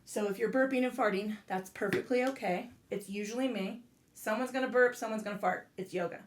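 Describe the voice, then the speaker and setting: A woman with a slightly high voice leads a yoga class in a casual, cussing way and cracks blunt jokes between the poses. The sound is roomy and echoey. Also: fairly quick, slight background noise. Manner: casual and profane, with blunt joking rants. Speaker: yoga instructor. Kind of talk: guided yoga class instruction. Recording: echoey room.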